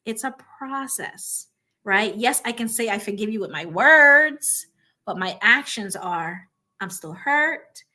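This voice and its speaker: A woman's voice: fairly high pitch, expressive, slow pace, bright, forceful tone. A woman hosting a motivational talk, emphatic and repetitive, often checking in with "right?". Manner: emphatic, repeats points with frequent "right?". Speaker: host.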